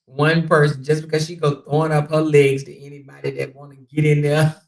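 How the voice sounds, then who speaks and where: A woman's voice: deep voice, flat delivery, fairly quick, darkish tone. A woman hosting a casual livestream, talking bluntly and mockingly to her chat viewers with plenty of profanity. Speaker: livestream commentary host.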